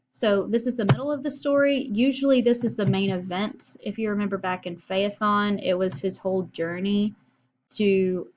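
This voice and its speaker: A woman's voice: mid-range voice, a little hiss or hum. Woman teacher explaining casually. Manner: casual and explanatory, with frequent fillers. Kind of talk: recorded video lesson.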